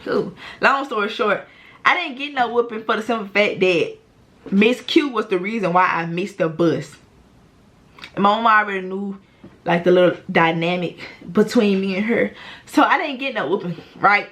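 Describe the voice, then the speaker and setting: Young woman vlogging a storytime, cussing a lot, super animated, slangy. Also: medium pitch, moderate pace. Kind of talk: casual storytime vlog.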